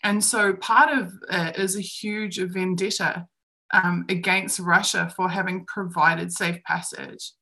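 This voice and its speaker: A woman's voice: on the low side, steady tone, slow, pushed and bright. A woman co-hosting a live-streamed discussion, speaking emphatically and acting out other people's lines as she argues her views. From New Zealand. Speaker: co-host.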